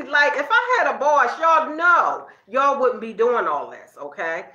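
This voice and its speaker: A woman's voice: a little high, sing-song, a little slow, bright, forceful tone, a little hiss or hum. A middle-aged woman, telling a story to her viewers in a chatty, casual way and tagging her sentences with okay. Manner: chatty, addresses viewers as girl and y'all, frequent okay tags. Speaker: vlogger talking to her viewers. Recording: echoey room, slightly dull sound.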